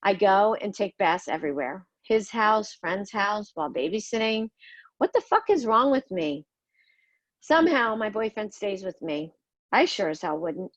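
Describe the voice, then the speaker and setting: A middle-aged woman with a very animated mid-range voice narrates her own life story on her podcast at normal speed. Her tone is somber and confessional, blunt, with occasional swearing. The recording is dry and muffled.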